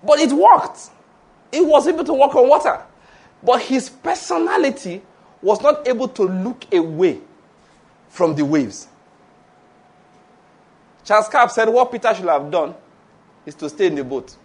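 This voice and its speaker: A man preaching a sermon in an animated, playful way, laughing often and having the audience repeat phrases after him. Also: sits high, measured pace, pauses often, husky.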